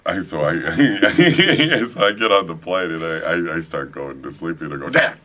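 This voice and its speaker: A middle-aged man telling a travel story in a casual interview, animated and laughing often. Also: low voice, moderate pace. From United States. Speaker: author, interview guest. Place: conference venue, indoors.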